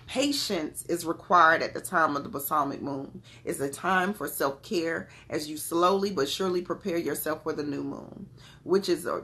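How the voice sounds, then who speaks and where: A woman's voice: deep voice, fairly bright tone. A woman giving an oracle card reading to her viewers, casual and affectionate, calling them beloved and urging them on. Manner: casual and chatty with spiritual talk. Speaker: spiritual card reader.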